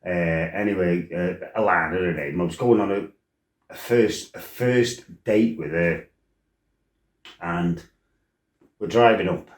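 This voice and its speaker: A deep-voiced, middle-aged man spins a rough personal tale in a casual monologue. His talk is blunt and peppered with swearing and side remarks. The recording has a roomy echo. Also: takes it slowly, pauses often. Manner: blunt, salty, swears freely, rambling asides. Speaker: former fighter telling his life story.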